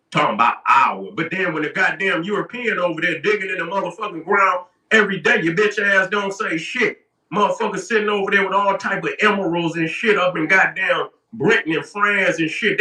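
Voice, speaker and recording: A man rants on a stream, profane and confrontational, with a high, bright voice. He sits some way from the mic in an echoey room. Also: far from the mic. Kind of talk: heated political rant.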